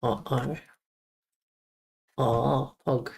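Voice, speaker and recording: A woman's voice: a bass voice, steady tone, very slow, gravelly, darkish tone, slightly rough. A woman streaming casually, repeating German words aloud as she practices pronunciation and blurting out casual exclamations. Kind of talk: casual live-stream chat.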